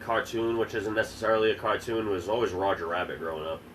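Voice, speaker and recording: A man's voice: on the low side, fast, low-quality recording. A man co-hosting a podcast in casual chat, opinionated and profane. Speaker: podcast co-host. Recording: faint background noise.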